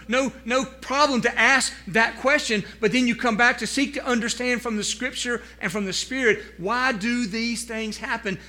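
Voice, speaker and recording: A man preaching a sermon as pastor, swinging from loud emphatic rises to quiet low passages.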